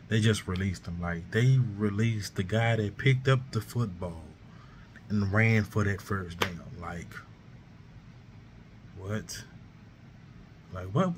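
A man doing a casual sports vlog, sounding baffled and repeatedly asking what is going on, his voice too worn for his usual high greeting. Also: darkish tone, a little hiss or hum. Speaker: sports vlogger.

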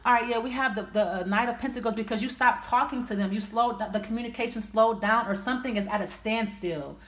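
A woman's voice: a little high, fast, fairly bright tone. A woman doing a casual tarot reading, blunt and profane, thinking aloud as she pulls each card. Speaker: tarot reader. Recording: roomy echo.

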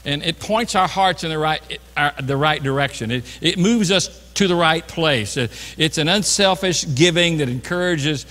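A man's voice: fairly high pitch, normal speed, few pauses, pushed and bright. A middle-aged man, a pastor telling a self-mocking story in a sermon, chatty and full of restarts. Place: church sanctuary. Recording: reverberant church hall.

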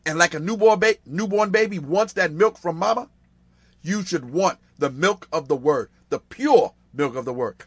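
A man with a fairly high voice leads a Bible study, hammering key phrases again and again. He drops to near-hushed asides between stressed lines, recorded dry and close with no room sound. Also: slightly rough, dry recording. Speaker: Bible teacher.

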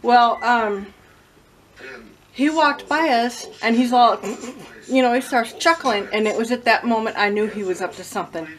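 A woman filming herself at home, telling a story-time vlog in a chatty, animated, blunt way. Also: on the high side, moderate pace. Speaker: vlogger. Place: at home with her cats. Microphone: own phone or camera, self-filmed.

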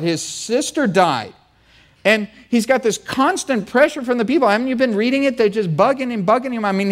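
Animated, joking male preacher. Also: high-pitched. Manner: animated, jokey storytelling with acted-out voices. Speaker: pastor. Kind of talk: sermon. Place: church.

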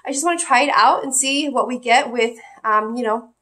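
A woman's voice: fairly high pitch, brisk, pushed and bright, slight background noise. A woman giving a casual, enthusiastic product review at home, gushing and talking with many fillers. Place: home kitchen.

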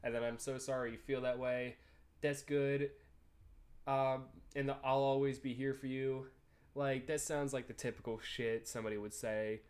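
A man's voice: medium pitch, flat delivery, normal speed, a little mellow. Laid-back swearing young man gaming. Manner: laid-back, swears freely, reads choices aloud. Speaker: gaming YouTuber. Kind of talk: casual game commentary.

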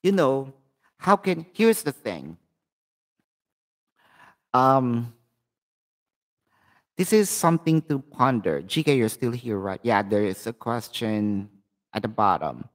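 A man's voice: mid-range voice, sing-song, takes it slowly, pauses often. A man with a Filipino accent hosting a live tarot reading, speaking chatty and direct to his viewers. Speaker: tarot reader and channel host.

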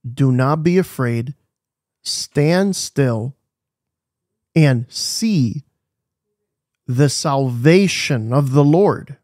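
Slow, emphatic male preacher. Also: mid-range voice, lively intonation, darkish tone, dry recording, studio quality. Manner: emphatic, asks the listeners questions and repeats phrases. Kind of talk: devotional sermon.

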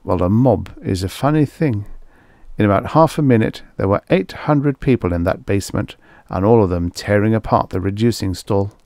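A man's voice: fairly low pitch, moderate pace, vocal fry, a little mellow, dry recording, studio quality. A man narrating a vintage story aloud in a wry first-person telling. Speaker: audiobook narrator. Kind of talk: scripted narration.

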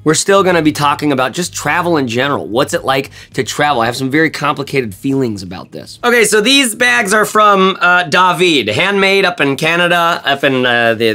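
A man talking casually in a review vlog, rambling and animated, with lots of fillers and jokes. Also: fairly high pitch. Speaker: bag reviewer.

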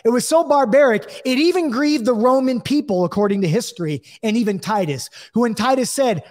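A man's voice: extremely high pitch, lively intonation, brisk, hardly any pauses, a little mellow. Male Bible teacher, conversational, reads scripture and acts out quoted voices; long reverb around him.

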